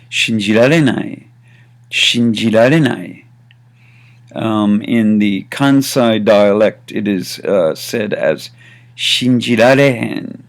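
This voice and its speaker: A man teaching everyday spoken phrases, slowly acting out each one with varied intonation. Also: fairly low pitch. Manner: slow and deliberate, demonstrating phrases with varied intonation. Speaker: language teacher. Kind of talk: casual spoken lesson.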